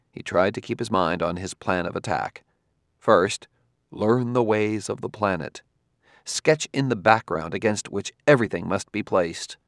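A man giving measured, expressive scripted narration of a science fiction novel. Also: fairly low pitch, no echo, studio quality. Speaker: audiobook narrator.

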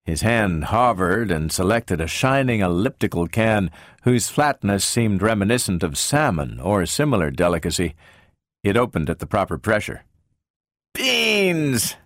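A low-voiced man reads an audiobook, his delivery lively and full of rises and falls. The sound is dry and close, with no room around it. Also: moderate pace, dry recording. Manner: expressive, varied storytelling delivery. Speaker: narrator. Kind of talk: audiobook narration.

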